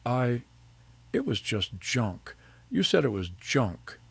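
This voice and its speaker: A man's voice: medium pitch, very animated, takes it slowly, creaky, husky, no echo, pitched above the performer's own voice, heavily acted. A man voicing an arrogant, mocking young man with a dismissive, scoffing manner. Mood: stammering.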